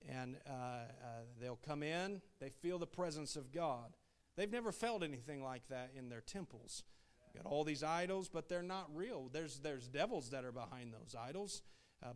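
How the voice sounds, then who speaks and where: A man preaching a sermon as a missionary, folksy and full of "uh" fillers, his voice rising into loud calls of "Amen". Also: a little high.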